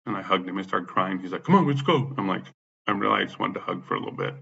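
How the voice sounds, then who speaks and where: Agitated man, low husky voice, quick profane rambling monologue. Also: flat delivery, bright, forceful tone, highs cut off. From United States. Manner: profane, rambling, agitated, re-enacts what he said in raised voice. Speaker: vlogger recounting an ordeal. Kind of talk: raw unscripted monologue to camera. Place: at home, indoors. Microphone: camera or phone facing him.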